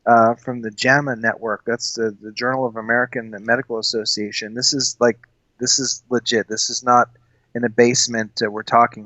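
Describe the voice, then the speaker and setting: A man's voice: medium pitch, pushed and bright, no room sound, lo-fi sound. A man co-hosting a casual film discussion, talking earnestly with many fillers and restarts. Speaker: podcast co-host.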